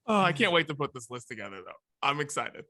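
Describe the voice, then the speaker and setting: A man hosting a podcast in casual chat, animated and quick to mock things in put-on voices. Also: fairly high pitch, no room sound. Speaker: podcast host.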